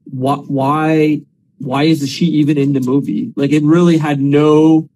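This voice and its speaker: A man's voice: on the high side, little pitch movement, a little slow, warm tone, a little hiss or hum. A man co-hosting a podcast, giving blunt, sarcastic, swearing takes in casual movie talk. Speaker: podcast co-host. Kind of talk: casual movie review rant.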